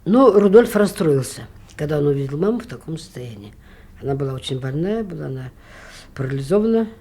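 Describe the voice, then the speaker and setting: A woman with a dark, mellow tone talks through her memories in a loose, chatty way. She leans on little filler phrases as she goes. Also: deep voice, expressive, fast talker, husky. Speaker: interviewee. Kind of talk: conversational recollection.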